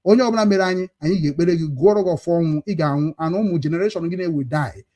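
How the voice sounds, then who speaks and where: A Nigerian man with an Igbo accent speaks at a rapid clip in a fairly high voice, mixing Igbo and English. His tone is dark and mellow even as he talks in a combative, forceful way. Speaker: foundation leader. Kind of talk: impassioned monologue.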